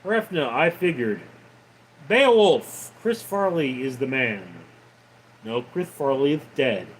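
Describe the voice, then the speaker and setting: A man hosting a casual livestream, reading viewer comments aloud and answering with sarcastic, deadpan replies. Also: medium pitch, slow pace, slight background noise, rough recording. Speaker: livestream host reading chat.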